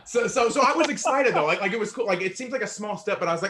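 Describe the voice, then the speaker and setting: A stand-up comedian from Indiana, USA, performs a set on an online show, his voice pitched high and a bit bright. He's out of breath and self-deprecating, stumbling over fillers and laughing into his own punchlines.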